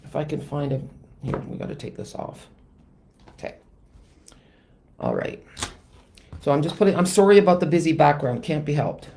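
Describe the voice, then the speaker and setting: A woman's voice: low voice, lively intonation, normal speed, long pauses, warm tone, a little hiss or hum. A woman hosting a live card-stamping tutorial, chatting with viewers and teasing herself about her mistakes as she works. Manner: chatty and self-deprecating, greets live commenters. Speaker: stamping demonstrator and channel host.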